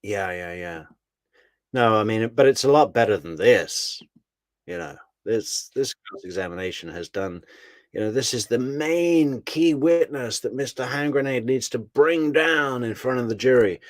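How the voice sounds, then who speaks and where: A man's voice: mid-range voice, no room sound. A man hosting a casual true crime live stream, chatty and laughing as he thanks viewers by name. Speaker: true crime commentary host.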